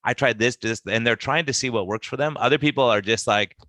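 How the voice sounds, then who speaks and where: With a mid-range voice and a quick pace, this doctor talks on a podcast in a relaxed, animated way. He slips into quoted dialogue to perform his exchanges with patients, and there's no echo on the recording.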